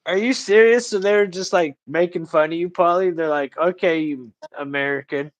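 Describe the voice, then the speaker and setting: A livestream host with a high, brisk male voice chats casually, rambling along in slangy speech and calling people "bro" and "dude."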